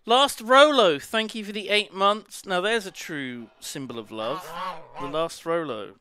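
A man hosting a live gaming stream, excitable and laughing, swearing freely as he chats. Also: sits high, unhurried, crowd noise. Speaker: streamer host.

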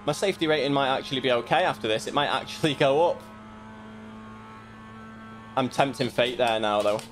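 A man's voice: mid-range voice, fairly quick, a bit bright, a little hiss or hum. Self-critical man commentating his own race. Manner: self-critical, muttering asides. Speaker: sim racing streamer. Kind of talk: casual commentary while racing.

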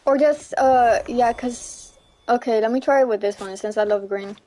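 A young woman chatting casually through a gameplay livestream, giggly and chatty, squealing when something excites her. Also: fairly high pitch, moderate pace. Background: faint game music.

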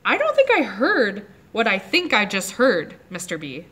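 A spoiled, bossy little girl snaps and demands with a high, sharp voice that leaps upward when she insists. A woman voices her at a library story time, giving her a loud, snippy edge. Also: very animated, unhurried, heavily acted. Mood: bossy, indignant. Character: bossy, demanding young girl, prone to screeching tantrums.

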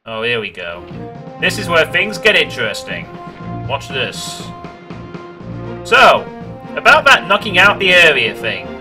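Over game music, a man does let's play commentary while streaming, thinking aloud about his moves and reacting with swearing and groans. His slightly high voice swoops wildly in pitch, runs a little slow, and leaves long pauses.

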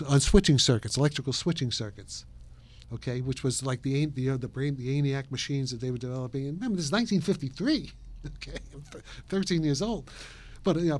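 A man of about eighty from New York, an interview guest telling long, rambling stories with frequent laughs and restarts. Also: mid-range voice. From New York, USA. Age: around 80. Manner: animated, laughs often, trails off and restarts.

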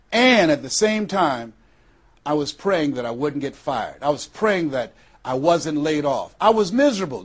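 Emphatic, fairly high-voiced motivational speaker. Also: male voice. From Miami, Florida. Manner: emphatic, repetitive, with dramatic pauses and slowed key phrases. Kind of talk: motivational speech.

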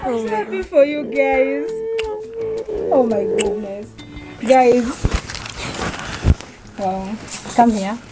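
A woman's voice: a little high, drawn-out words, long pauses, over loud music. A young Kenyan woman, a new aunt, gushing emotionally in a casual family vlog. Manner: gushing, emotional, mixing English and Swahili. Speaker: sister-in-law, new aunt. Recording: noisy home video.

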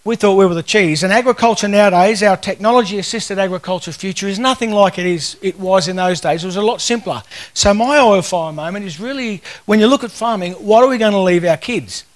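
A man's voice: sits high, a little fast. A man in his fifties with an Australian accent, giving a casual, joking conference talk full of stories. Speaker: conference speaker.

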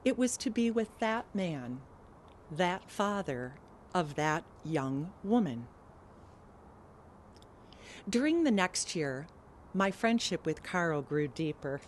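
A woman's voice: lowish voice, sing-song, slow pace, pauses often, slight background noise. A woman telling a personal story on stage in an earnest, emotional way.

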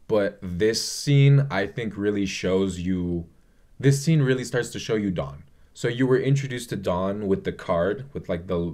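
Young man, casual vlog chat, rambling, gushing, profane, slightly low voice. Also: darkish tone. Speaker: vlogger reviewing a movie. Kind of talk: casual movie review chat.

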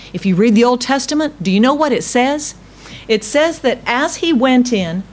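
A woman preaching from the pulpit in a fairly high voice. She repeats key phrases for emphasis, asks the congregation questions, and stretches her pauses slowly between phrases. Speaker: pastor. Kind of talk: sermon.

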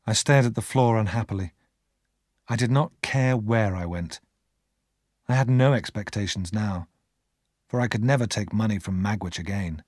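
A man narrating an audiobook in expressive storytelling fashion. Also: on the low side, normal speed, pauses often, dry recording, studio quality. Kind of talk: scripted narration.

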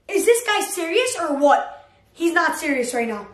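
A woman vlogging in a casual, excited way, reading messages aloud and reacting with animated exclamations. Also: extremely high pitch, moderate pace. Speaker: YouTuber. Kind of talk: excited casual vlog commentary. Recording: roomy echo with faint music.

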